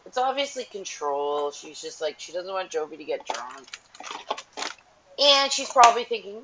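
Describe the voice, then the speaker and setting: A woman's voice: medium pitch, unhurried, highs cut off, a little hiss or hum. A woman hosting her own show from home, chatting casually and unscripted in a rambling, gossipy way. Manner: rambling and gossipy, with lively swings. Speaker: host.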